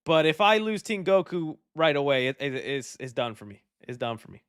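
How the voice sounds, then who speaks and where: Guy streamer chatting with viewers, kinda high voice, laid back and friendly. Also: brisk, smooth, no room sound, clean studio sound. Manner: relaxed, friendly and chatty, trailing off often. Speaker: livestream host. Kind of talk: casual livestream chat, reading viewer donations.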